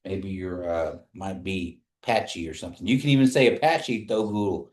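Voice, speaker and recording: A man teaching a language class, speaking slowly and patiently and repeating phrases for his students to say back. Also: low voice, reverberant, slight background noise.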